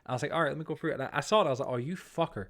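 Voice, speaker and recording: A man's voice: a little high, very fast, fairly bright tone. A man chatting casually while streaming a game. He rambles, swears freely, stammers and pokes fun at himself. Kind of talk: casual chat while gaming.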